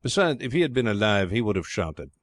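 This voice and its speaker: A man's voice: lowish voice, big pitch swings, a little fast, a bit bright, dry recording. A man voicing a brusque, mocking privateer captain who speaks bluntly and commandingly in a storybook reading.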